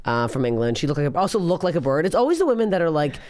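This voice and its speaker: A woman hosting a comedy podcast, telling stories in a blunt, profane and animated way. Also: sits low, very fast, a crowd in the background. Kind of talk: casual storytelling chat. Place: podcast studio.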